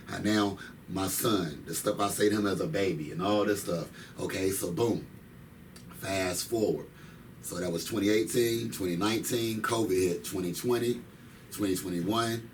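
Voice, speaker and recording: Guest: man, thirties, very low voice, emphatic slangy storyteller, heard from a distance with faint background noise. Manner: emphatic, slangy, repeats phrases. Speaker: interview guest. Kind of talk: casual storytelling.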